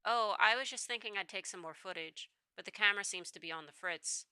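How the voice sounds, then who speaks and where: Doting male scientist dad, soft and tender, read by a woman, bright tone. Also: mid-range voice, a little fast, clear, resonant tone, no room sound.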